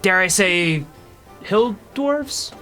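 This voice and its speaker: A frail old dwarf who is hard of hearing, kindly and halting, stumbling over his words, as a man puts him on. The voice is raised high and bright, and faint music plays behind it. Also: lively intonation, full character voice. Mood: friendly. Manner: halting, stammering old man's speech.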